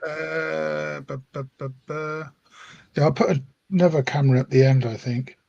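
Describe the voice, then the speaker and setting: A man giving halting, casual commentary while he runs a model railway layout. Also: fairly high pitch, steady tone, creaky, darkish tone, no echo, highs cut off. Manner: halting, talks while working.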